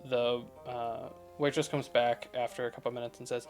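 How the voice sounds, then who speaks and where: A man narrating as game master of a tabletop game, pausing often with ums and restarts. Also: medium pitch, little pitch movement, soft background music. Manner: hesitant, many ums and restarts.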